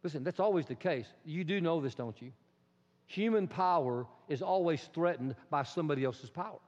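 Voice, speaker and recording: Higher-voiced male preacher, animated, loud-to-hushed swings, dull recording. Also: a little fast. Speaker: pastor. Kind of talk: sermon. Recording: dull sound in a reverberant hall.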